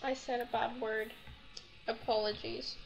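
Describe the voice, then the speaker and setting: A woman's voice: a little high, little pitch movement, a little slow, vocal fry. A young woman commenting on her gameplay in a casual chat, gushing and cooing over a pet in baby talk. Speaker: gaming YouTuber. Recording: slightly dull audio with game music.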